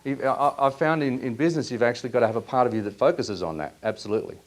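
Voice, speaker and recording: A man leading a live workshop in a seminar room, asking audience members lively questions. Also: mid-range voice, racing. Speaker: workshop presenter.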